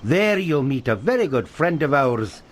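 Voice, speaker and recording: A calm, mysterious guide. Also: male voice, mid-range voice, moderate pace. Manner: calm and instructive.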